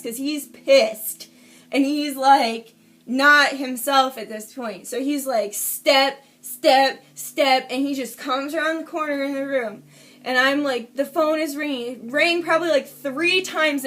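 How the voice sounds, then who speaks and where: A woman's voice: sits high, a bit bright. A woman telling a personal story in a casual vlog, candid and emotional, swearing freely as she gives a play-by-play. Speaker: vlogger.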